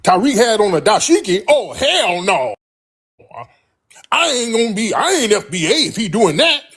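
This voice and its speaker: A scandalized male follower, outraged and wide-eyed, as a man mocks him on a livestream. The voice jumps high and swings wildly, with a husky edge, all exaggerated disbelief. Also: big pitch swings, normal speed, fairly bright tone, heavily acted. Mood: mock outrage.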